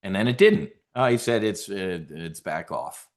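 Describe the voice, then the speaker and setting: A man's voice: sits low, expressive, normal speed. A middle-aged man hosting a trading show, giving blunt, profane, rambling live market commentary.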